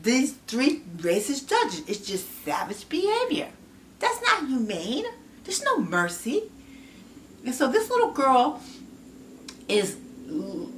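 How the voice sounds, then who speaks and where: A woman's voice: fairly high pitch, sing-song, unhurried, fairly bright tone, recorded from a distance, a little hiss or hum. An emotional woman giving impassioned vlog commentary to her viewers, rambling with many fillers and restarts. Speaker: vlogger.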